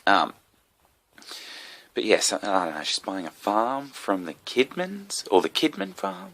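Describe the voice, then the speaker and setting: On his solo comedy podcast, a young Australian man rambles along, swearing freely and dropping in asides. His very low voice has a gravelly fry but sounds bright and forceful, with a sick, slightly coughy edge, and his pitch swoops wildly. He talks a little slowly, with no echo.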